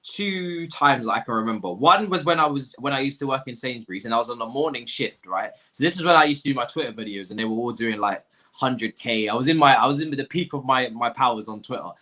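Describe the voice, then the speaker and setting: A man's voice: medium pitch, quick pace. A young man hosting a casual chat and telling stories with plenty of laughter and acted-out quotes. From London. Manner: animated storyteller, acts out quotes, laughs often. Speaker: host.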